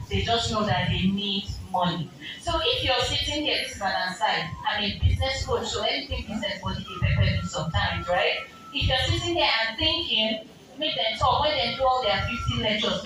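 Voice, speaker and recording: A woman with a Nigerian accent, a business coach giving a seminar talk, asking the audience questions and slipping into Pidgin asides. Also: a little high. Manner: rhetorical, switching into Pidgin asides. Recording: very echoey hall, distant mic, ambient noise.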